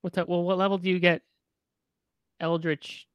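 A man hosting a podcast in casual chat, firing off quick probing questions. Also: sits high, little pitch movement, clean tone, no echo, muffled recording. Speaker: podcast host.

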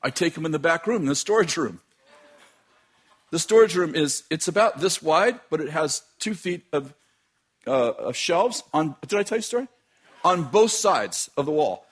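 A man telling a dramatic personal story with laughter and bursts of shouting. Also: a little high, lively intonation, normal speed, breathy edge.

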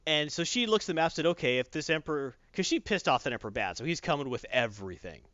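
Speaking on the high side, a man gives an animated, casual retelling of a show, quoting the characters by acting out their lines in quick voices. It is a dry, lo-fi recording.

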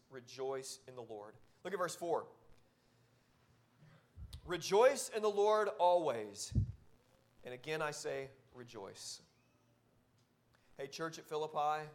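Male pastor with a high voice, preaching; insistent repetition, big dynamic swings. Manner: repetitive, exhortative preaching with wide swings in loudness. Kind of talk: sermon.

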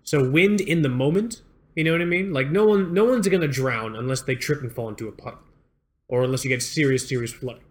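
Young man, podcast co-host, casual chat, middle pitch, animated, swears a lot, many restarts. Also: brisk.

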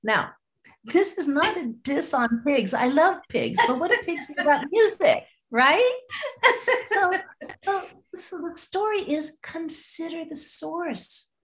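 A woman guest on a podcast interview, telling a fable in a lively way and acting out voices. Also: high-pitched, slow pace. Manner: lively, acts out voices, frequent restarts. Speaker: storyteller guest.

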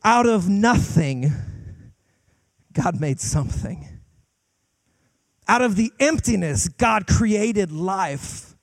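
A young adult man preaching a sermon as a guest pastor, emphatic, with fast bursts and slow drawn-out lines, often repeating words as he starts sentences. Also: high voice, expressive, no room sound.

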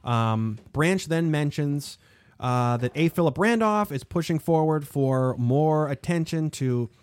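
A man hosting a casual history podcast, talking in an animated, rambling way with lots of fillers. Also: on the high side, unhurried, clean tone, no room sound. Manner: animated, digressive, frequent fillers. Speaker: podcast host.

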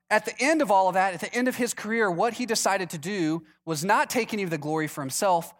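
A pastor preaching a sermon in a relaxed, conversational way, putting questions to his congregation. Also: high voice.

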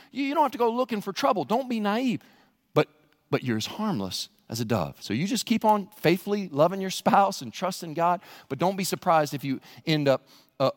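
Animated preacher in a reverberant hall. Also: male voice, fairly high pitch. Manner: animated, jokey, jumps into loud shouts. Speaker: pastor. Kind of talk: sermon. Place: church sanctuary.

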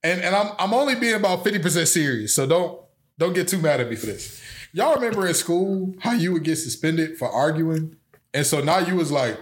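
A man's voice: a little high, brisk. A man hosting a casual sports podcast, joking and telling exaggerated stories. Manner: animated, joking, exaggerated storytelling. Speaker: podcast host.

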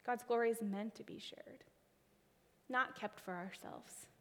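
Woman preacher, high bright voice, expressive delivery that sinks to near-whispers; long echo of a big sanctuary. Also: measured pace. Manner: expressive, trailing phrase ends into a whisper. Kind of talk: sermon with a personal story.

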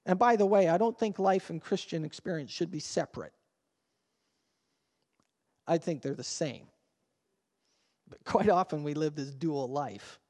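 A man's voice: sits high, long reverb tail. A man preaching a sermon as pastor, talking conversationally and asking the congregation questions. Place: church sanctuary.

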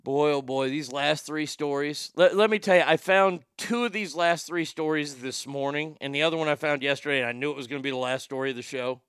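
Folksy man with a bright tone. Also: on the high side, a little fast, few pauses, smooth, no room sound, clean studio sound. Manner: folksy, rambling, profane, with frequent restarts. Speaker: show host. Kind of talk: casual talk-show monologue.

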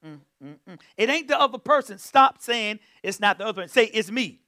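A male pastor preaches with a high, ringing voice that leaps all over the scale. He is fervent, bursting into exclamations and hums between points, and keeps calling on his listeners to respond. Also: animated, brisk, sharp tone. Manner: calls on the congregation to respond. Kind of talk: sermon.

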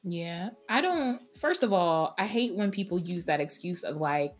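A woman co-hosting a podcast roundtable, talking in an emphatic, opinionated, animated way. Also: fairly low pitch, moderate pace. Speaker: podcast co-host. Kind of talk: casual roundtable chat.

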